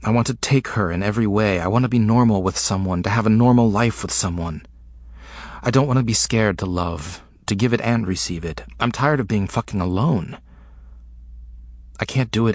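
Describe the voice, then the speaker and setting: A man narrates a first-person audiobook in short, broken phrases with an intimate hush. His voice is husky and sits a little low. The recording is close and dry, with no room around it. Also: dry recording. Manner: halting, fragmented, intimate delivery.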